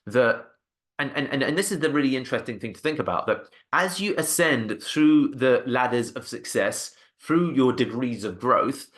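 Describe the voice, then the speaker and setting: A man's voice: mid-range voice, lively intonation, moderate pace, fairly bright tone. Agency founder, male, mid-range voice; punchy, repetitive motivational delivery. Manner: emphatic, repeats for stress, frequent "okay?". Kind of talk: motivational talk to camera.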